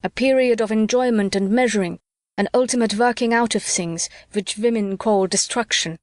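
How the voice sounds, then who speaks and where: A woman's voice: a little high, normal speed, no echo, studio quality, close to an everyday voice. A woman voicing a bitter, ranting drunk male soldier with a scornful, sneering delivery in an audiobook. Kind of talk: audiobook character reading.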